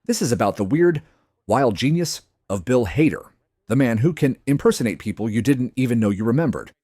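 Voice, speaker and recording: A man's voice: mid-range voice, expressive, a little fast, warm tone, husky, dry recording, studio quality. A man giving hyped scripted narration for a compilation video.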